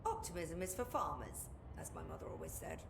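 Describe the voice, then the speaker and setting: A woman's voice: very deep voice, wildly swooping pitch, fairly quick, noisy background, exaggerated voice. An actress playing a wry woman scientist in a video game, talking in a dry, sardonic way.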